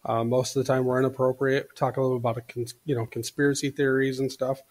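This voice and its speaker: A man's voice: medium pitch, level tone, quick pace. A man appearing as a guest on a podcast, speaking in a laid-back, hesitant way with lots of fillers. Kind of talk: casual podcast chat.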